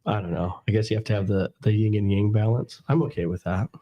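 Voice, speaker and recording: Slightly hoarse, easygoing man with a low voice. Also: quick pace, muffled recording. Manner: easygoing, self-deprecating. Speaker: co-host of a paranormal live stream. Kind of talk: casual live-stream chat.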